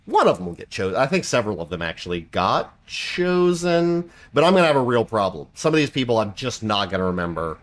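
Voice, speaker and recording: A man's voice: big pitch swings, a little fast, hardly any pauses. A man co-hosting a podcast, chatting casually and rambling with lots of fillers. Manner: mimics accents with big pitch jumps. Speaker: podcast co-host. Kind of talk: casual chat.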